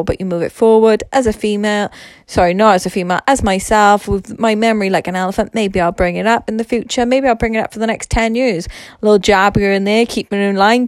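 A woman's voice: medium pitch, no room sound. Chatty woman rambling on a podcast. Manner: chatty, filler-heavy, frank, swears. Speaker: solo podcast host. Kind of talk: rambling casual monologue. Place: lying on her bed.

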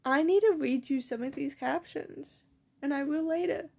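A teenage girl talks straight to her audience in a high voice, rambling from one tangent to the next. She swears freely and giggles through her stories, speaking with a mouth still numb from dental work. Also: normal speed, vocal fry, darkish tone. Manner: rambling, profane, giggly storytelling. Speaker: vlogger. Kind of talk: casual chat.

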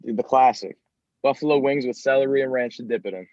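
A man's voice: medium pitch, fast, a little mellow, dry recording. Sick guy podcasting w a stuffy voice, jokey, muffled dry mic. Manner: jokey, wry. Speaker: podcast co-host. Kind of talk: casual chat.

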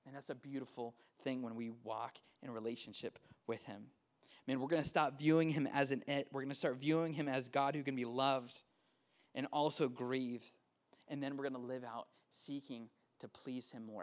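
A man's voice: medium pitch, fairly even intonation, moderate pace. A male pastor preaching in a casual way that keeps checking in with "right?", then leading the room in prayer. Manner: grows loud and fervent in prayer. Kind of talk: sermon, then guided prayer.

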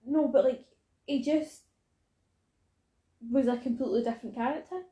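A woman's voice: high voice, moderate pace, dark tone, roomy sound, rough recording. A woman in casual podcast chat who laughs often and acts out quotes.

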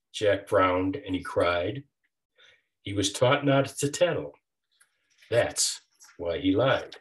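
Older male author reading a children's rhyme aloud, unhurried, with a lively sing-song rise and fall. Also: fairly low pitch. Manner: rhythmic rhyming delivery. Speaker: author reading his picture book. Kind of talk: storybook read-aloud.

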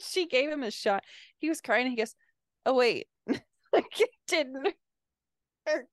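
A woman's voice: high-pitched, animated, slow, dry recording, studio quality. A woman co-hosting a podcast in casual chat, telling stories with frequent laughs. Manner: chatty storyteller, laughing often. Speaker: podcast co-host.

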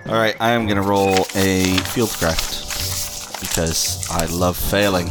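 A man's voice: sits low, steady tone, slow. A man playing a tabletop game, swearing and making dry crude jokes. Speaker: player. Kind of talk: tabletop game play, casual chat. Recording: music playing behind voices.

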